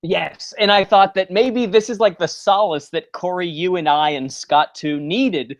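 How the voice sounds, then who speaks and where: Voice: mid-range voice, unhurried. Chatty podcast co-host recapping an episode. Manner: acts out characters' lines with mocking quotes; frequent restarts and filler words. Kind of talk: casual recap chat.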